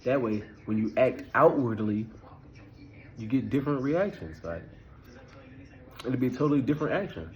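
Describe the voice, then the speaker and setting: A spiritual vlogger in his thirties gives a casual spiritual talk in a mid-range, slightly mellow voice with lively intonation, normal speed, and long pauses. He's loose and conversational, often checking in with the listener by asking "you feel me". The audio sounds dull.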